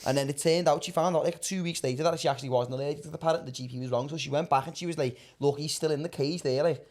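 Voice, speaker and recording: A young man with a Liverpool accent, co-hosting a podcast and telling stories in fast, slangy casual chat. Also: fairly high pitch, darkish tone. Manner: fast anecdotal storytelling with slang and swearing. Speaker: podcast co-host.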